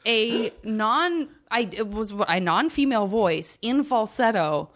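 Female comedian guest; a little high-pitched; keeps stopping and restarting her story. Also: expressive, takes it slowly, hardly any pauses, a bit bright. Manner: hesitant, self-interrupting storyteller. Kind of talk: casual podcast chat.

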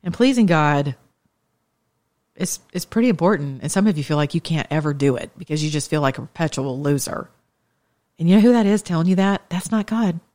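A woman's voice: low-pitched, animated, a little fast, darkish tone. A woman in her thirties giving an informal, conversational sermon with impassioned, shifting pace. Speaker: preacher.

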